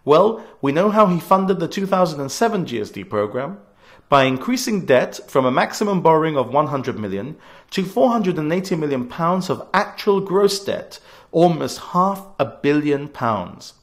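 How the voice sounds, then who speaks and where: A man's voice: fairly high pitch, very animated, moderate pace. A man of about forty, giving a scripted political radio address in an earnest, emphatic way, leaning hard on key words. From Gibraltar.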